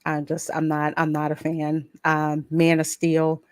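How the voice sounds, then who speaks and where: A woman hosting a casual pop culture podcast, opinionated and animated, often laughing. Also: low voice, unhurried, clean tone, dry recording, studio quality. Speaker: podcast host.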